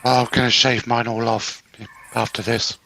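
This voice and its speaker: A man's voice: medium pitch, flat delivery, normal speed, gravelly, bright, forceful tone, poor audio. A man chatting casually as a guest on a live stream over a video call, laid-back, with a dry sense of humour.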